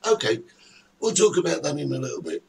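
A man's voice: on the high side, huge pitch swings, fast, vocal fry. A man hosting a casual talk show, teasing and bantering with his co-host. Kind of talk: casual chat. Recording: distant mic, faint background noise.

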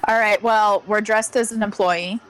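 A woman's voice: mid-range voice, steady tone, moderate pace, slight background noise, low-quality recording. A woman playing a tabletop game, chatting casually about her moves. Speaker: player.

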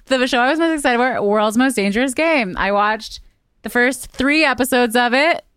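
A woman's voice: on the high side, normal speed, fairly bright tone, clean tone, dry recording, studio quality. A young adult woman co-hosting a podcast, chatting casually in a snarky, talkative way and laughing often. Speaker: podcast co-host. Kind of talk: casual chat.

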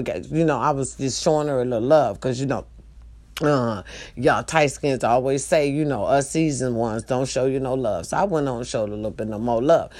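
Loud profane woman telling a story. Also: low-pitched. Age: older. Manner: animated, profane, loud bursts. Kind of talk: comic storytelling monologue.

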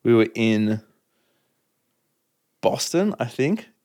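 A man's voice: mid-range voice, very animated, slow pace, darkish tone. A young Australian man, a touring musician guest telling rambling tour stories in casual podcast chat. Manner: laid-back, rambling, full of "like".

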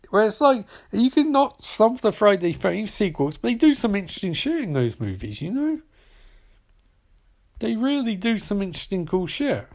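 Casual, profane watch-along commentator, voice bouncing up and down a lot, filler-heavy rambling. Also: mid-range voice. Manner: rambling, profane, frequent fillers and laughing reactions.

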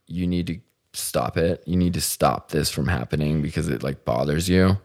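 A man's voice: a bass voice, moderate pace, darkish tone. A man hosting a podcast, telling a story in a profane, exasperated comic ramble. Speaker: podcast host. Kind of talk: rambling comedic monologue.

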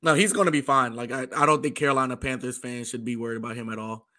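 A hoarse man co-hosting a podcast in casual chat, an excitable sports fan. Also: mid-range voice, fast talker. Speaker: podcast co-host.

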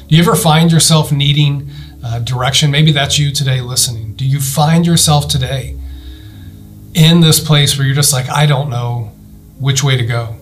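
Pastor, male, mid-pitched voice, earnest sermon delivery with soft music underneath. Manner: earnest preaching, rising emphasis, slowed scripture reading; addresses listeners directly with questions.

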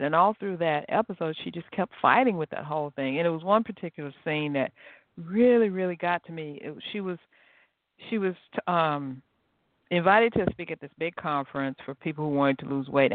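A woman hosting a podcast on her own, chatting in a lively way and laughing often. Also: deep voice, no echo. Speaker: podcast host. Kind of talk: casual solo talk. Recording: tinny phone-like sound.

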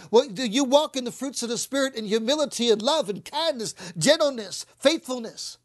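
A woman delivers a fervent sermon in a high voice. She swings between crying shouts and near-whispered passages, urging her listeners on. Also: expressive, normal speed, few pauses. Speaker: preacher.

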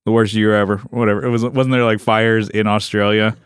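A man's voice: fairly low pitch, level tone, a little fast, clean tone, no room sound, studio quality. A young man co-hosting a podcast, chatting casually, riffing along and laughing often. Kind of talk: casual chat.

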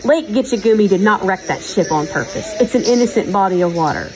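A woman's voice: mid-range voice, expressive, fairly quick, noisy background. A woman hosting a podcast, talking in an earnest, emotional, pleading way. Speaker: podcast host. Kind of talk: casual chat. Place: virtual world.

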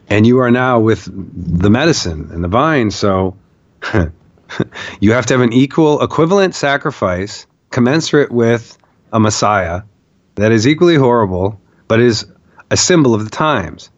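A man recounting a vision in a podcast interview, animated and profane, acting out the quotes he tells. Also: medium pitch, measured pace, pauses often, no echo, highs cut off. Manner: animated storyteller, swears, acts out shouted quotes. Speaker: podcast guest, documentarian. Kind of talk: storytelling in a long interview.

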